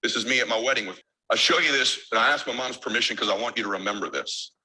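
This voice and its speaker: A man's voice: medium pitch, fast talker, bright, forceful tone, a little hiss or hum, low-quality recording. A man giving an emotional keynote speech as a motivational speaker, emphatic and driven by insistent repetition.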